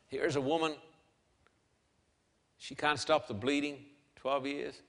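A man delivering an emphatic sermon in a bright, somewhat high voice, rising to loud declarations and dropping to near-hushed softness. His words carry a long reverb from a large hall. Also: fairly even intonation, slow, long pauses. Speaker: preacher. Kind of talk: dramatic sermon with scripture reading.

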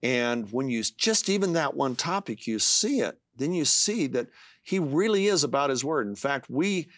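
A man's voice: medium pitch, animated, normal speed, fairly bright tone, no room sound, clean studio sound. An older man, an author being interviewed, speaking earnestly and reading scripture aloud with passion. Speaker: author guest.

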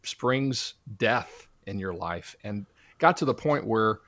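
A man's voice: on the low side, expressive, slow pace, a bit bright, no room sound. A man giving a testimony in an interview, earnest and preacherly, often quoting scripture. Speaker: guest, Christian minister.

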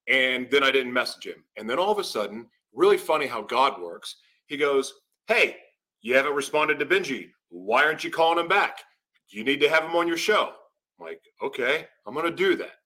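A man hosting a casual talk show, animated and self-deprecating as he rambles. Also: medium pitch. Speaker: podcast host.

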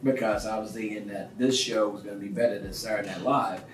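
A man, a comedian, telling stories in a relaxed interview and acting out the people he quotes. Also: fairly low pitch, fast, over music. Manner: animated storyteller who acts out quoted people. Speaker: comedian guest. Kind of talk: conversational interview storytelling. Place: small theatre. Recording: roomy sound from a distance.

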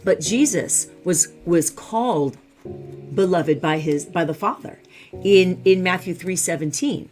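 A woman's voice: lowish voice, measured pace, darkish tone, soft background music. A woman teaching the Bible online, fervent and repeating phrases for emphasis.

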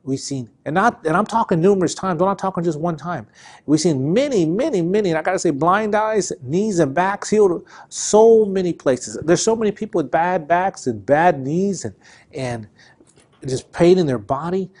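Male pastor, fairly high-pitched, fervent sermon delivery with repeated phrases and swinging emphasis. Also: lively intonation, normal speed, darkish tone. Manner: impassioned, repetitive preaching with rising and falling emphasis.

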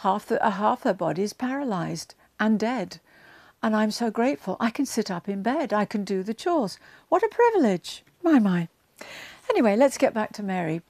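A woman's voice: mid-range voice, animated, moderate pace, darkish tone, no room sound. A woman giving a conversational Bible teaching to camera, with chatty asides and frequent ums, growing emphatic as she retells scenes.

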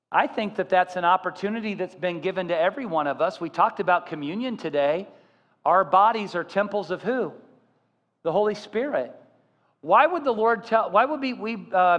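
A man preaching a sermon as pastor, telling stories with animated voices. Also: high-pitched, in a large hall. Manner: animated storytelling, acting out voices.

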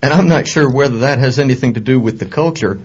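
A man's voice: mid-range voice, fast talker, breathy edge. A man co-hosting a radio talk show, dry and skeptical, arguing his points. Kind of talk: casual on-air chat. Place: radio studio. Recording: dull lo-fi radio recording.

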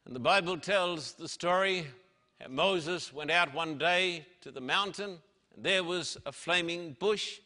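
A man preaching a sermon, slow and dramatic, stretching out his words and raising his voice on quoted lines. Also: a little high, bright, forceful tone. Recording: reverberant hall.

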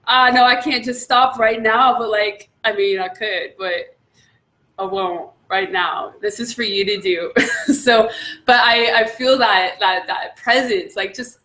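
A woman leading a devotional meditation, often exclaiming in awe and laughing softly. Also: a little high, steady tone, a little slow, roomy sound. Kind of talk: devotional teaching.

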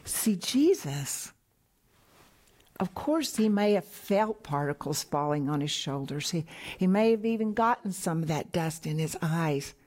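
A middle-aged woman minister preaching a sermon, slow and emphatic, sometimes dropping to a whisper for key points. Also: lowish voice, lively intonation, a little mellow.

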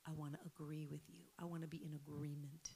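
A woman in her fifties preaching a sermon, animated and laughing, moving between soft whispered prayer and loud exclamations. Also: sits low, fast talker, slightly rough. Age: 50s.

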